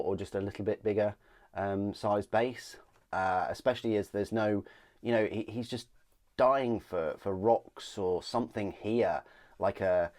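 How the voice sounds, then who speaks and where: A deep-voiced man talks through a product review in a relaxed, unscripted way. He hesitates often, restarts phrases and lets sentences trail off into quiet ums. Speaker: miniatures reviewer.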